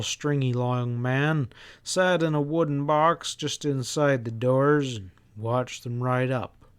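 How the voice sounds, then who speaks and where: Slow, smooth-voiced male audiobook narrator. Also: medium pitch.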